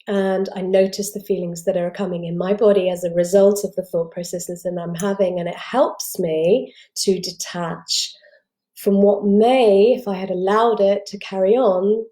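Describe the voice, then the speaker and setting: Soft-toned woman explaining calmly. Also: mid-range voice, moderate pace. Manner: reassuring, repeats and restarts phrases. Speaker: parenting and wellbeing coach. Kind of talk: explanatory talk to camera.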